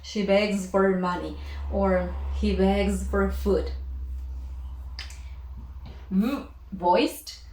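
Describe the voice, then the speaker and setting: A woman teaching English pronunciation, repeating each word and sound slowly and carefully. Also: mid-range voice, fairly even intonation, mellow. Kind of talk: pronunciation lesson. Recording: echoey room, faint noise.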